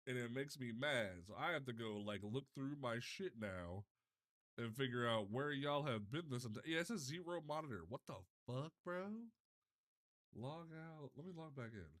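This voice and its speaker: A man's voice: medium pitch, expressive, moderate pace, fairly bright tone. Flustered young man live streaming. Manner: flustered, swearing, restarts often. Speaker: livestreamer. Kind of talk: casual live stream chat.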